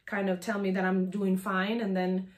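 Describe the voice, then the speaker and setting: A woman's voice: mid-range voice, level tone, normal speed. Chatty woman with a sore throat. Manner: chatty and rambling, many "um"s and asides. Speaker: sewing pattern designer demonstrating a project. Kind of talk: casual sewing tutorial chat. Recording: echoey room.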